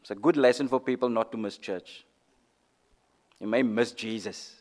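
This sermon comes from a man whose voice sits on the low side, spoken at normal speed. He alternates booming declarations with soft, near-whispered lines and leans on repetition for emphasis.

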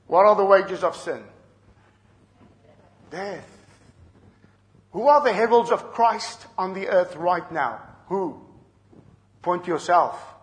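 A middle-aged man preaching a sermon, earnest and measured, dropping soft and then rising loud to drive a point home. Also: high-pitched, lively intonation. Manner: earnest, swings from soft to shouting for emphasis. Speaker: pastor.

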